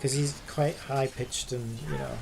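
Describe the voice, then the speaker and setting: A man's voice: medium pitch, fairly even intonation, measured pace, vocal fry, noisy background. Man rambling over a game stream. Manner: rambling, lots of "like" and "you know". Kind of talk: casual commentary while gaming.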